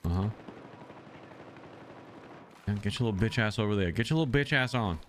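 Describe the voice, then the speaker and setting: A man's voice: on the low side, expressive, brisk, a little hiss or hum. A man streaming a shooter game, ranting and trash-talking with heavy profanity. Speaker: gaming streamer. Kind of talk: live gameplay commentary.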